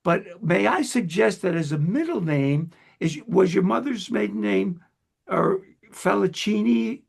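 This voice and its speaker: A man from Long Island hosting an interview in a chatty, self-deprecating way, quick to laugh. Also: sits high, lively intonation, gravelly, breathy edge. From Long Island, United States. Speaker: host. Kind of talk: conversational interview.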